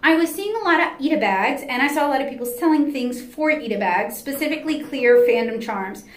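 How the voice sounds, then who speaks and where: Chatty high-voiced woman at a convention. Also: animated, brisk. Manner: chatty and candid, with frequent "um" fillers. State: tired. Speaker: comic artist vlogger. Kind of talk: casual convention recap vlog. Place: artist alley at an indoor anime convention. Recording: echoey hall with a faint crowd.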